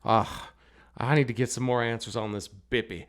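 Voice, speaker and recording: A folksy lawman blusters and grumbles through his questions, as a man plays him. He talks with mid-range pitch and a drawl, fed up but dogged. He is a tabletop game figure. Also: fairly even intonation, a little fast, natural voice. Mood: exasperated. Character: exasperated male US Marshal detective.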